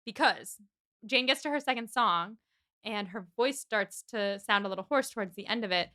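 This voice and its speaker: Podcast co-host, young woman, forceful clear tone, animated recap acting out the scenes. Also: mid-range voice. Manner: animated retelling, acting out characters in quick voices. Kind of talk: casual book-club chat.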